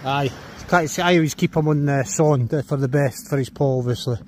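A man's voice: a little high, brisk, a little mellow, a little hiss or hum. A Scottish man chatting casually and swearing as he films himself walking his dog on a beach. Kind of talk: casual chat while walking outdoors. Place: outdoors on a beach.

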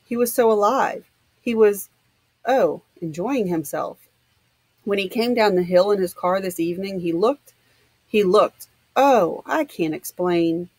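A woman voicing a shaken young woman who speaks softly and falters. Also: medium pitch, expressive, a little slow, husky, no room sound, rough recording.

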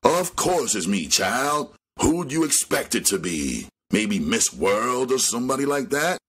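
A man voicing a sharp, husky, sinister elderly woman in a read-aloud crime novel. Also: mid-range voice, big pitch swings, unhurried, pitched above the performer's own voice, full character voice. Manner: sharp, harsh. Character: harsh sinister elderly woman running a numbers route.

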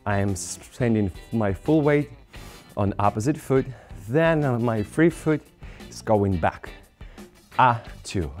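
A man's voice: medium pitch, darkish tone. A man teaching a dance lesson while demonstrating, counting beats aloud, slightly out of breath, with non-native phrasing. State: out of breath from dancing.

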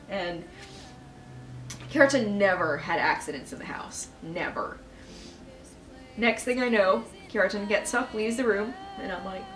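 A woman's voice: medium pitch, measured pace, a bit bright, roomy sound, distant mic, faint music behind, rough recording. A young woman answering viewer questions in a casual video, candid and emotional and swearing freely. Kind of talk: casual Q&A chat.

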